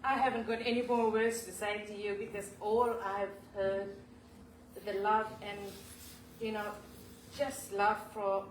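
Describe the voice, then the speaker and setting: A woman giving a heartfelt homage in a temple hall, speaking haltingly and apologetically, moved to tears. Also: mid-range voice. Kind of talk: emotional spoken tribute. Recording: echoey hall, voice from far off, clear background noise.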